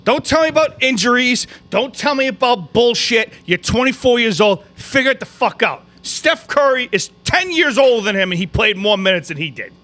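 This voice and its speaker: A man, co-hosting a podcast, ranting loudly about basketball with constant swearing and frequent shouting. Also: very high-pitched, expressive, moderate pace, few pauses. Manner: loud, swearing, shouting often. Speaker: podcast co-host. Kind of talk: profane sports rant.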